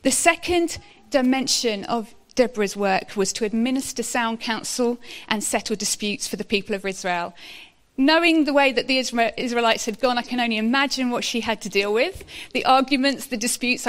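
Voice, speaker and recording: A woman preaching a sermon in an earnest, measured way. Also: on the high side, a bit bright.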